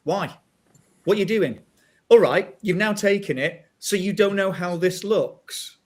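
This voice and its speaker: A man's voice: high-pitched, lively intonation, measured pace. A man hosting a casual podcast chat, ranting in exasperation and breaking into laughs. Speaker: podcast host.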